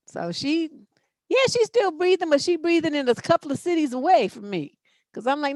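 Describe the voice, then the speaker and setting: A middle-aged woman hosts a relationship advice show, answering bluntly, emphatically and with profanity in unscripted chat. Her voice sits high and sounds animated, moving at a normal speed with no room sound.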